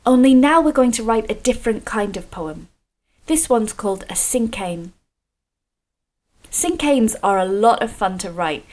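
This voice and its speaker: A woman from Scotland leading a creative writing video workshop for children, explaining slowly and clearly with encouragement. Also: fairly high pitch, darkish tone.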